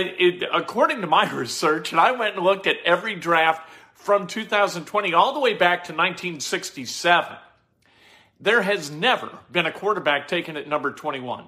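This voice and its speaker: A man's voice: fairly high pitch, pushed and bright. A man hosting sports talk, giving opinionated, rambling commentary full of rhetorical questions and restarts. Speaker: sports radio host. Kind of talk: casual sports commentary monologue.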